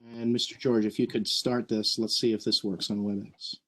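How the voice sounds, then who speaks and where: A man's voice: on the low side, little pitch movement, moderate pace, a bit bright. Earnest man presenting on a video call. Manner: earnest, explanatory, frequent "right?" asides. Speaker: scout troop leader. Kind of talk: virtual meeting presentation.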